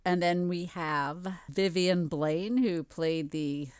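A woman's voice: fairly low pitch, slow, a little mellow, clear, resonant tone, no echo, clean studio sound. A middle-aged woman co-hosting a podcast, chatting casually and giggling often. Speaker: podcast co-host. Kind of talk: casual chat.

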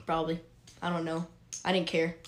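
A man's voice: a little high, monotone, a little fast. A man guest in a casual chat with friends, offhand and jokey, dropping Spanish phrases. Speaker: podcast guest. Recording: echoey room with faint noise.

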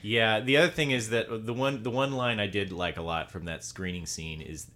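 A man's voice: lowish voice, fairly even intonation, moderate pace, bright, forceful tone. A man with a Southern US accent hosting a casual film discussion, meandering and often restarting his sentences.

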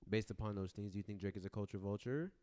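A fast-talking man with a lowish, slightly mellow voice co-hosts a podcast in casual conversation. He jokes around, laughs a lot, and often restarts his sentences.

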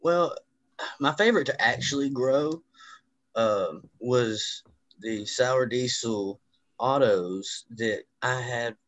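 A man's voice: medium pitch, slow, a bit bright, no room sound, low-quality recording. A man, chatting casually as a podcast guest, laid-back and swearing freely. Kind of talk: casual chat.

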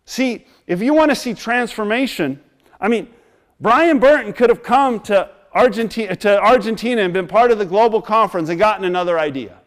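High-pitched man preaching with fervor. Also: a little fast. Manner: storytelling, laughing at his own past, rising into emphatic exhortation. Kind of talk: sermon.

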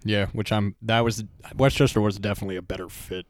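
Relaxed young man, low voice, rambling. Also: quick pace, no room sound, studio quality. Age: 20s. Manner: relaxed, rambling with many "like"s, casual swearing. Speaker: podcast guest. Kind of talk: casual chat.

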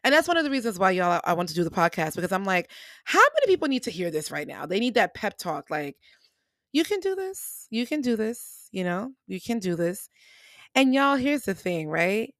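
A young adult woman with a medium-pitched voice hosts a podcast, chatting casually and encouragingly with her listeners, whom she calls y'all. She sounds animated and chatty, and the clean studio recording has no echo.

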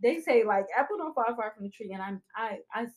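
Young woman w a slightly high voice, chatting w friends, emphatic and talky. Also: brisk. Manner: animated, emphatic, talks over others. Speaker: podcast co-host. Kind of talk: casual chat.

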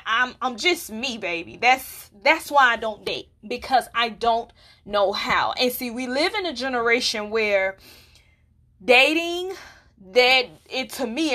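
Blunt, bright-voiced young woman podcaster. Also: a little high. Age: 20s. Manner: candid and blunt, with rhetorical check-ins. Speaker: podcast host. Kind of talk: casual solo podcast talk.

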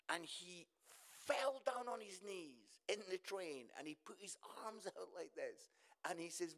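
A man's voice: fairly high pitch, fairly bright tone. A middle-aged man giving a humorous sermon as a guest speaker at a church service. He is chatty and jokey and often tags his lines with "yeah?". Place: church service before a congregation.

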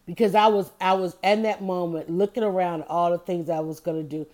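A woman's voice: fairly low pitch, fairly even intonation, a little fast, few pauses, a little mellow. A middle-aged woman hosting a podcast, talking in an emphatic, repetitive style and calling her listeners y'all. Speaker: podcast host. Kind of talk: motivational podcast monologue.

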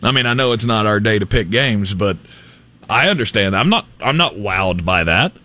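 A man's voice: on the low side, animated, moderate pace, bright, forceful tone. A man co-hosting a casual sports talk show, wryly pushing back on his partner. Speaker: sports radio co-host.

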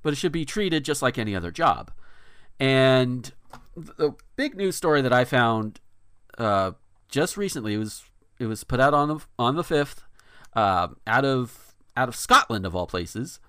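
A man hosts a casual podcast, reading news items aloud and stopping to comment, with plenty of fillers and restarts. His pitch moves around a lot. The sound is dry and close. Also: sing-song, moderate pace, bright, forceful tone, clear, resonant tone, no room sound. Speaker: podcast host.

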